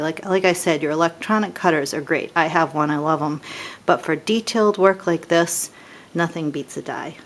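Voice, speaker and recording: A woman's voice: low-pitched, slight background noise. A middle-aged woman casually demonstrating papercraft dies, chatty and self-deprecating as she admires each piece.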